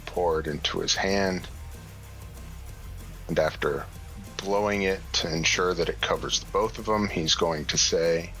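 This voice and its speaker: A man playing a tabletop game, narrating his character's actions in a relaxed, halting way. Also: deep voice, faint music behind, rough recording. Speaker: player.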